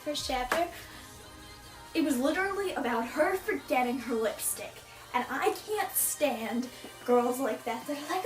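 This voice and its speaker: Teen girl vlogger, high voice, exasperated rant about a book, recorded far off in an echoey room with faint music under. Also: expressive, measured pace. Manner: exasperated, ranting, mocking voices. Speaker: book reviewer. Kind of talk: casual book review.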